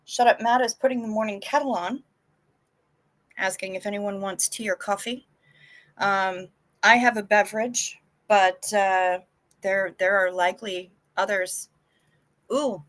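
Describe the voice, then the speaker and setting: A woman's voice: medium pitch, steady tone, a little slow, pauses often, fairly bright tone. A woman hosting a casual live stream, chatting frankly with viewers and swearing now and then, sounding anxious.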